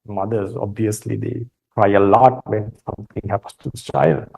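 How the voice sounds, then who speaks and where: A man with a Sri Lankan accent giving a calm Buddhist dharma talk, retelling a story with many fillers and restarts. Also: on the low side, moderate pace, creaky, breathy edge, rough recording. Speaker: Buddhist monk teacher.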